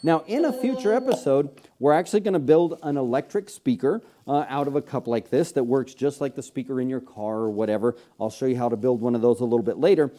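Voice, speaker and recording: A man's voice: mid-range voice, quick pace, hardly any pauses, dark tone. An American man hosting a children's science show, explaining demonstrations in a chatty way and often checking in with "okay?". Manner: chatty, tags sentences with "okay?". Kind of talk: science demonstration lesson for kids.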